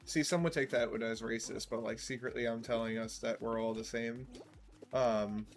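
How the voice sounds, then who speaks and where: A man's voice: medium pitch, fairly even intonation, normal speed, faint music behind. A man chatting casually while playing a game, rambling with jokey asides. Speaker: streamer. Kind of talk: casual gameplay chat.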